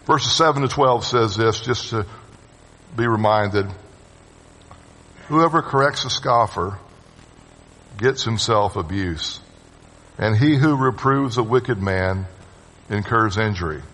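A man preaching a sermon to his congregation. His voice swings from loud urging to hushed, low phrases, and he calls on the listeners to answer him. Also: slow pace, pauses often. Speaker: pastor. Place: church sanctuary with long reverb. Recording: reverberant church hall sound.

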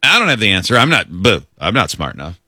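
A man's voice: fairly low pitch, sing-song, fast, bright, forceful tone, dry recording. A man co-hosting a radio show, ranting with exasperation in casual studio banter.

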